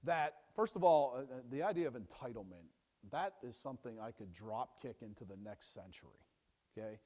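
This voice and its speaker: A young adult man teaching from the Bible in a sermon, emphatic and repetitive, dropping low and quiet for asides. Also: lively intonation, fairly quick. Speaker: preacher.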